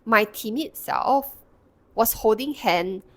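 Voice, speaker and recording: A woman's voice: fairly high pitch, animated, takes it slowly, no room sound. A woman, a counsellor and Reiki practitioner, telling a personal story to the camera in a reflective way, with many fillers and restarts.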